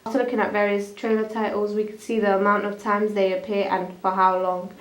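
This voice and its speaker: A woman's voice: mid-range voice, little pitch movement, a little fast, echoey room, poor audio. A young woman reading a school media evaluation, often stumbling and restarting her lines. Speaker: student presenter.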